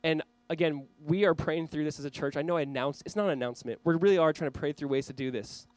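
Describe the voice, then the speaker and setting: Male pastor, earnest preacher, slightly high voice, dry close sound. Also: fast talker, a little mellow, no room sound, low-quality recording. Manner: earnest, urging the listeners directly. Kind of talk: sermon. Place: church, speaking to a camera for online viewers.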